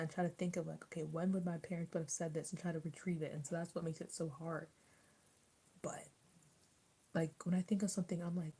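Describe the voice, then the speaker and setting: A woman's voice: fairly low pitch, fairly even intonation, moderate pace, warm tone, breathy edge, poor audio. A young woman vlogger chatting casually while eating, rambling with lots of restarts and fillers. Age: young adult. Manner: rambling, many restarts and likes. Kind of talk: casual mukbang chat.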